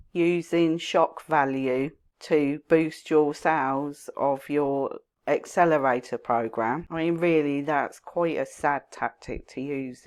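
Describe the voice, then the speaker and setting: A low-pitched woman speaks slowly and deliberately as a commentary host. Her tone is measured and critical, pushing back point by point. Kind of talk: reaction commentary.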